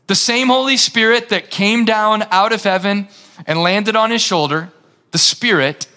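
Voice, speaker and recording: A male pastor delivers a lively, conversational sermon, retelling scripture scenes with dramatic flair. His voice sits high for a man and rings bright and forceful.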